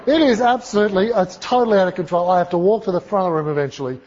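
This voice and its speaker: A man giving an animated, conversational storytelling sermon with asides to his audience. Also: high-pitched, rapid-fire, background noise. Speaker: speaker. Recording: dull lo-fi recording.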